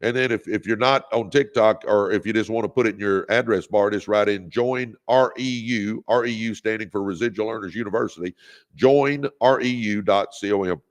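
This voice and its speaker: A man with a lowish voice and moderate pace hosts a motivational livestream through a phone or webcam mic. Preachy and exhorting, he urges viewers on, reads out their comments and leads call-and-response.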